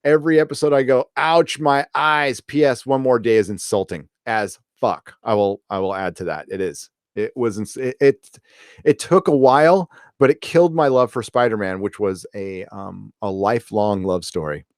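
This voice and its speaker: A man's voice: on the low side, expressive, normal speed, darkish tone, dry recording, clean studio sound. A man hosting a live stream, reading viewer comments and rambling casually with lots of fillers, restarts and swearing. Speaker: host of a live chat show.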